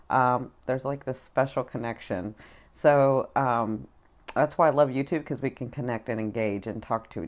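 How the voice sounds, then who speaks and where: A woman with an unusually deep voice chats casually as a tarot reader. She is effusive and gushing, repeats herself and fills her talk with ums. She sounds middle-aged. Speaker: spiritual advisor and tarot reader. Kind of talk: casual tarot chat to camera.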